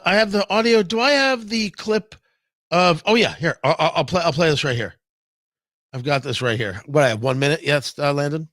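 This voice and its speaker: A talk show host, male, with a lively up-and-down delivery, reading viewer comments and bantering sarcastically. His pitch sits a bit high for a man. The sound is dry and close, with no room echo. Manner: rambling, many restarts and fillers.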